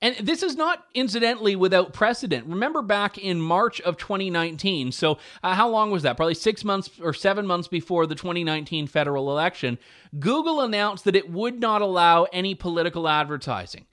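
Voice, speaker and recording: A man's voice: high voice, lively intonation, a little fast, a bit bright. A young man hosting a talk radio show, delivering opinion commentary with wry, sarcastic asides and chuckles.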